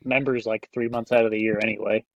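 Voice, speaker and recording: A man's voice: level tone, fast talker, vocal fry, no room sound. Hesitant man on a dull, dry mic. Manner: hesitant, restarts, low-key. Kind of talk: casual chat.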